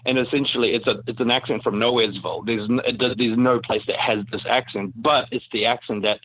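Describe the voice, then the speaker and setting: A man with a New Zealand accent chats as a podcast guest over a tinny, phone-like line with no room sound. He talks in an animated way, with lots of fillers and easy laughs. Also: medium pitch, fast talker, no echo. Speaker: actor guest. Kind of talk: casual podcast interview. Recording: dry, phone-like remote call audio.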